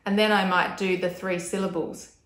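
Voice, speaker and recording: A woman's voice: mid-range voice, little pitch movement, moderate pace, fairly bright tone. A woman speech pathologist explaining techniques in an instructional video, demonstrating sounds with careful, exaggerated enunciation. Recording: echoey room.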